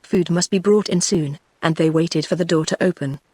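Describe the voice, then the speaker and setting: A text-to-speech voice of a woman with a British English accent, reading an audiobook in an even, steady way. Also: lowish voice, moderate pace, husky, no room sound. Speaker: audiobook narrator.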